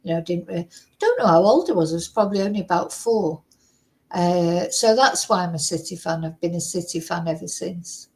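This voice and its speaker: A woman's voice: lowish voice, animated, brisk, a little mellow, poor audio. A middle-aged woman from Manchester with a Mancunian accent, chatting casually in a rambling way, full of fillers and small laughs. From Manchester, England. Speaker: vlogger. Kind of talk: casual chat.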